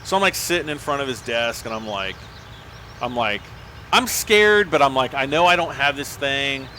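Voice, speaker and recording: A man's voice: mid-range voice, a little fast, sharp tone, slight background noise. A man on a livestream telling a long personal story in a casual, rambling way, full of restarts and "like".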